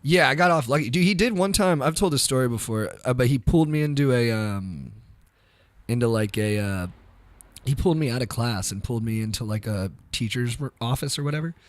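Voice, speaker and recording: A man chats as a podcast guest and tells his stories in a loose, meandering way. His speech is thick with "like" and "dude". His voice sits at a middle pitch and comes through a close mic with a dry, unreverberant sound. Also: expressive, a little fast, dry recording. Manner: loose, slangy, heavy use of "like" and "dude". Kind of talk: casual storytelling chat.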